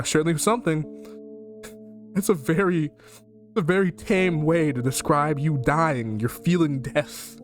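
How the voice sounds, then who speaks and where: A man playing a horror game on stream, reading the game's lines aloud and reacting with laughter and a lot of swearing. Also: fairly high pitch. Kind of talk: let's play commentary, reading game text aloud.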